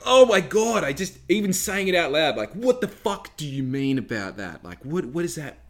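A man's voice: a little high, big pitch swings, normal speed. A young Australian man telling a rambling story in casual talk, swearing often and firing off rhetorical questions.

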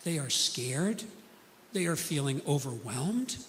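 A man's voice: fairly high pitch, big pitch swings, takes it slowly, in a large hall. A man preaching a sermon, telling stories earnestly and acting out the people he quotes.

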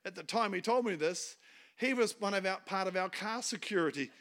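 A man's voice: high-pitched, a little fast, background noise. A middle-aged man with a New Zealand accent, preaching as a guest speaker and telling funny stories, laughing at his own jokes. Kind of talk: storytelling sermon.

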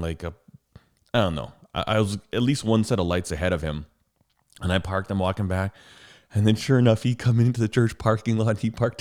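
Animated low-voiced man telling road stories. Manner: animated storytelling, acts out rants at other drivers. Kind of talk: casual chat.

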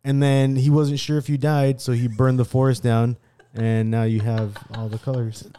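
A speaker in a casual group chat who makes up absurd stories in a deadpan way. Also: medium pitch, normal speed, smooth.

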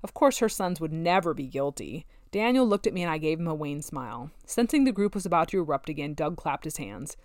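A woman narrating a novel in the first person, with steady, wry storytelling. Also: sits low, a little fast, hardly any pauses, dry recording, clean studio sound. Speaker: audiobook narrator.

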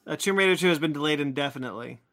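Bright-voiced man hosting a chat. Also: fairly high pitch, expressive, rapid-fire, slight background noise. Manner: reads news items, loose and chatty. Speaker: podcast host reading news. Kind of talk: casual chat.

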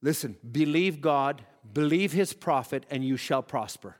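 A man's voice: fairly high pitch, measured pace, long reverb tail. A man preaching a sermon, reading scripture aloud and building to emphatic, rising appeals. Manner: preaching with rising emphasis, voicing quoted prayers.

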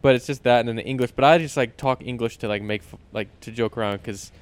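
A man talking casually in an offhand, relaxed way. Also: medium pitch, fast, clean tone. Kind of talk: casual chat.

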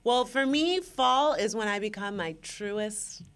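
A woman's voice: on the high side, slow, a bit bright, clear, resonant tone. Woman podcast co-host, playful teasing chat, easy laughs. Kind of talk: casual chat.

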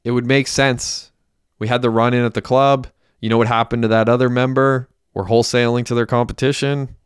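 A man reading the lines of a cautious young gang member in an audiobook, measured and reasoning things through. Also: mid-range voice, level tone, smooth, no room sound, clean studio sound, natural voice. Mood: thoughtful.

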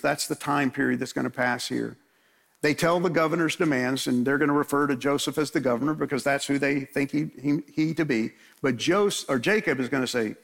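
A man delivers an expository sermon in a casual, conversational way, briefly voicing the biblical characters in the story. His medium-pitched voice is gravelly and a bit bright, and he speaks a little fast.

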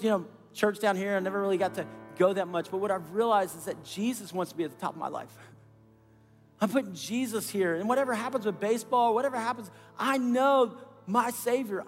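High-voiced pastor preaching in a hall. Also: male voice, brisk. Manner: storytelling, earnest and animated. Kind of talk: sermon. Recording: long hall reverb with faint music.

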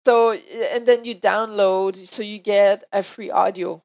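A woman's voice: medium pitch, steady tone, unhurried, gravelly, darkish tone, dull audio. A woman with a French accent, a medium speaking as an interview guest in casual, thoughtful chat.

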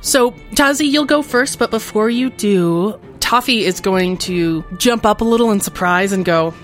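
A woman's voice: mid-range voice, normal speed, soft background music. A woman narrating as game master of a tabletop game, patiently explaining the rules.

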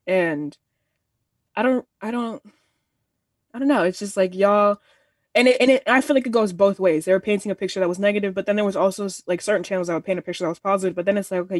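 A woman's voice: medium pitch, no room sound, clean studio sound, far from the mic. A woman around twenty in a casual discussion, earnest and rambling, restarting her sentences and slipping into quoted asides. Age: 20s. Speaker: panelist.

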